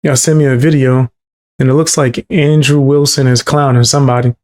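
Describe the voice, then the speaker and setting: A man with a mid-range voice reacts to a clip on a stream. He drops in quick, slangy comments between the clip's lines, and his talk is loose and casual. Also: medium pitch, level tone, a little mellow.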